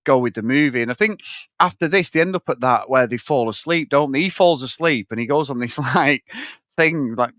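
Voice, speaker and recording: A man's voice: medium pitch, normal speed, fairly bright tone, no echo, studio quality. Sweary chatty man. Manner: sweary, rambling retellings of scenes. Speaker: podcast co-host. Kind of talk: casual film chat.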